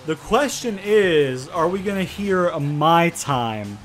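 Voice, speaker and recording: A man giving excitable, profane let's-play commentary, often repeating himself. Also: fairly high pitch, slow pace, soft background music. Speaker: gaming video host.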